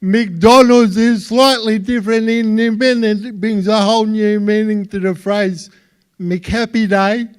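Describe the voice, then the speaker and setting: Aussie guy doing stand-up, slow and stammery, smooth clear voice. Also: high-pitched, fairly even intonation. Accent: Australian. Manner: slow, halting delivery with repeated words. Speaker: stand-up comedian. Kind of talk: stand-up comedy. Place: live stage before an audience.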